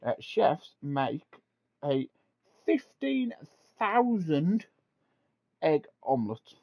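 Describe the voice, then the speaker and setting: Speaking very slowly in a slightly high voice with big pitch swings, a laid-back male podcast host chats, laughs a lot, and swears occasionally. He reads aloud from a web page, and the lo-fi home recording has no echo.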